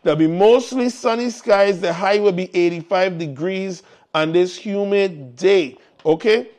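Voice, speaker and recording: High-pitched and a little mellow, an upbeat man speaks unhurriedly while hosting a live morning show. In casual chat, he repeatedly urges his audience on.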